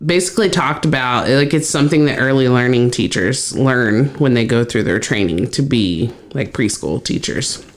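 A woman co-hosting a podcast, talking reflectively in a rambling casual chat with many pauses and fillers. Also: extremely low pitch. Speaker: podcast co-host.

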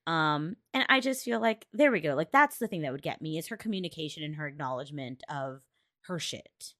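A woman co-hosting a podcast in casual chat, blunt and swearing freely, breaking into loud laughs. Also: deep voice, animated, a little fast, no echo, clean studio sound. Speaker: podcast co-host. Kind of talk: casual chat recapping a TV episode.

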